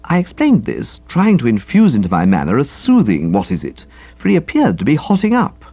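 Husky, wildly animated male narrator. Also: brisk, dry recording, highs cut off. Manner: breezy, chatty, highly expressive reading. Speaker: audiobook narrator. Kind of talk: comic audiobook narration.

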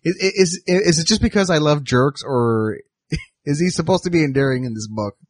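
A man's voice: a little high, expressive, normal speed, dry recording. A man hosting a casual comic book podcast, laughing easily and restarting his sentences. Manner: giggly, with hesitant restarts. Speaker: podcast host.

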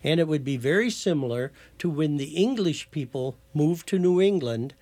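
A man's voice: on the high side, lively intonation, normal speed, a little mellow. A man who is a guest on a talk show, patiently explaining and lecturing, sometimes spelling words out letter by letter. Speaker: guest from a heritage foundation.

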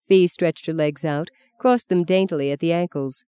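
Audiobook narrator, woman, measured and even; dark, lowish tone, dry close mic. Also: clean tone, dry recording. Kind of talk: scripted narration.

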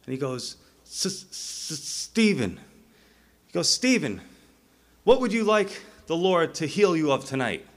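Middle-aged guy pastor preaching, acts out voices in his stories, kinda high voice. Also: normal speed. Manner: animated storytelling, acting out voices. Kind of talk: sermon.

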